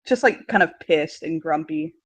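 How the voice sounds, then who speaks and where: A woman's voice: sits low, expressive, moderate pace. A woman narrating as game master, giggly and full of fillers.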